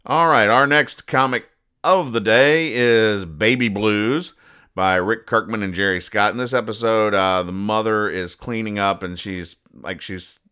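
Deadpan male podcast host, low and bright, smooth delivery, walks through comic strips. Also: a little slow. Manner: deadpan, explains each joke. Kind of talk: casual comic-strip recap.

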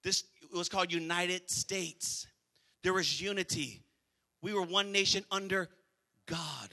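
A male pastor delivers a sermon with a high, very bright and piercing voice. He preaches emphatically, repeating phrases and calling out to his congregation in church. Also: a little slow, creaky, in a large hall.

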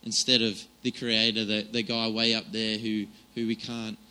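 A man's voice: lowish voice, monotone, normal speed, bright, forceful tone, clear, resonant tone, rough recording. A man giving an informal, chatty sermon, with many fillers and restarts. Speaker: preacher.

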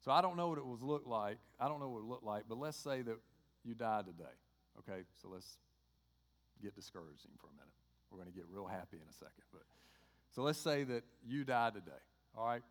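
A man's voice: mid-range voice, a little fast. A man with a Georgia accent preaching a sermon in a conversational way, acting out bits of dialogue. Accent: Southern US, Georgia. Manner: conversational preaching, acts out dialogue with lively voices. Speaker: pastor. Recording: long hall reverb.

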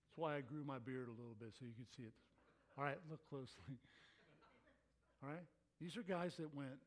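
A male pastor preaching a sermon, animated, acting out the voices of his listeners. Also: on the high side, moderate pace, pauses often.

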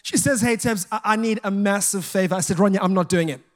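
A man's voice: sits high, quick pace. A man preaching a sermon, telling jokey stories and acting out the dialogue in them. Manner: animated storytelling, acting out quoted dialogue; jokey and self-mocking.

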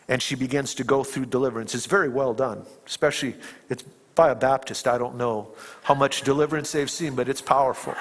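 Man preaching in a reverberant hall. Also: medium pitch. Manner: dramatic storytelling, dropping to hushed tones and rising to emphatic peaks. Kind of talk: sermon retelling a film scene.

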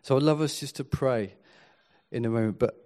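A man preaching a sermon, earnest and swinging from quiet to emphatic. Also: medium pitch, moderate pace.

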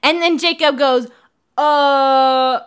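Young woman co-host, higher voice, animated storyteller who acts out quotes. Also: normal speed. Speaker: podcast co-host recapping a novel. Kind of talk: casual chat.

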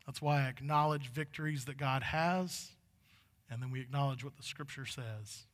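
A man's voice: mid-range voice, moderate pace, a bit bright, big-room sound. A male pastor preaching a sermon in a church sanctuary. He talks in a folksy, conversational way that builds to fervent moments.

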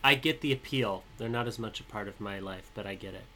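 Podcast co-host, male, bright edgy tone, deadpan humor, reads verse deliberately, faint noise behind. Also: fairly low pitch. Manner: dry, teasing, measured when reading. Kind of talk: casual chat and poetry reading.

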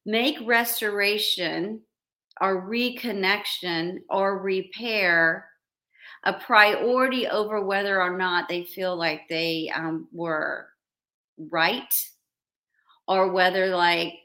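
A woman who counsels couples, giving earnest advice on a podcast in a slow, reflective way with light laughs. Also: on the low side, sharp tone. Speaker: podcast host and couples therapist.

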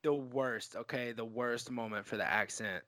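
A man co-hosting a podcast, chatting casually about a film, excitable and profane, full of fillers and restarts. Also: mid-range voice, moderate pace. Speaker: podcast co-host.

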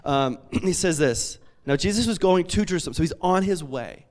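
A man, a pastor in his thirties, preaching a sermon with animated, self-deprecating storytelling and lots of fillers. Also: on the high side, moderate pace.

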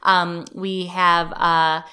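A woman's voice: on the low side, flat delivery, extremely slow, bright, forceful tone, clean tone. A woman from the American Midwest, a comedic actress, chatting as a guest in a casual interview and laughing often.

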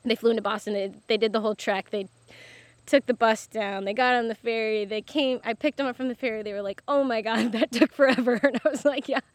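A young woman farmer telling her story casually, lively and laughing often, with many fillers. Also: a little high, fast talker, no echo. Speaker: farmer guest.

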